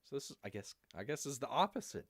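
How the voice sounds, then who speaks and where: A male live-stream host rambles along with a lively, swooping delivery, wandering between jokes and side comments and calling himself Bear in the third person. His mid-range voice moves at a quick pace and sounds worn out from long talking. The audio is clean studio sound with no room ambience.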